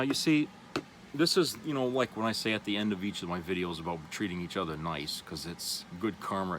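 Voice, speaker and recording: A man's voice: on the low side, a bit bright, slight background noise, poor audio. A man vlogger reads an article aloud, then comments casually and loosely, with many fillers. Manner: loose and rambling, with many "you know" fillers.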